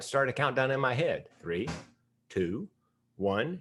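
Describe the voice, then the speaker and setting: A man's voice: mid-range voice, lively intonation, moderate pace, pauses often, breathy edge. An older man giving a humorous keynote speech, telling stories candidly with self-deprecating humor. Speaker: keynote speaker.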